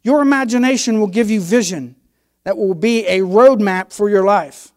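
A man's voice: sits high, normal speed, a little mellow. An older man, a pastor, preaching a sermon with emphatic, folksy delivery and homespun stories.

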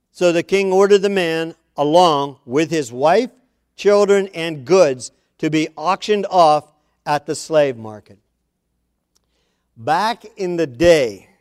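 A man's voice: high-pitched, darkish tone, clean tone, no room sound, clean studio sound. A man preaching a sermon, reading scripture aloud and pressing his points with repeated phrases and questions to the congregation. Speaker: pastor.

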